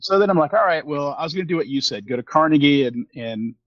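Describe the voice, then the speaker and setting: A podcast co-host in his fifties talks quickly in a fairly high voice, rambling through a casual story with many fillers and restarts. He acts out quoted exchanges, and the recording is dry, with no echo and the highs cut off.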